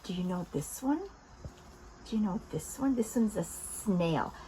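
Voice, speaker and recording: A woman hosting an interactive lesson for toddlers, talking directly to small children in an animated, coaxing way. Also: on the low side, measured pace, a little hiss or hum, poor audio. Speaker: children's video host.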